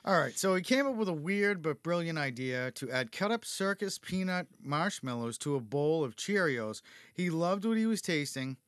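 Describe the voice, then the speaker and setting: A man's voice: a little high, animated, moderate pace, fairly bright tone, clean tone, no echo, clean studio sound. A male podcast host casually reading cereal history from notes, cracking jokes and laughing often. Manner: jokey, laughs often, reads notes aloud.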